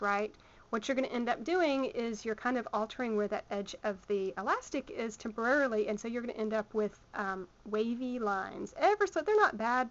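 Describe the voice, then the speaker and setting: A woman with a Southern US accent, teaching a hands-on sewing tutorial in a chatty way with plenty of ums as she works. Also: fairly high pitch. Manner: chatty, many ums, talks while working. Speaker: sewing instructor. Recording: muffled lo-fi home video sound.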